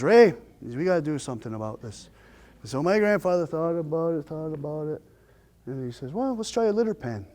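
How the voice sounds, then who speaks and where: A man telling a family story in a lively, folksy storytelling style, with shifting pace and dramatic pauses. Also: on the high side. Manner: homespun, folksy phrasing. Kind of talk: oral storytelling.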